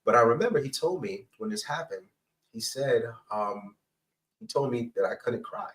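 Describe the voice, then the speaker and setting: A man's voice: mid-range voice, lively intonation, moderate pace, recorded from a distance, low-quality recording. A middle-aged man, a counselor and pastor, telling a personal story to a podcast host in an earnest, emphatic way, often checking in with "right?" and "okay?". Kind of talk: candid personal storytelling in an interview.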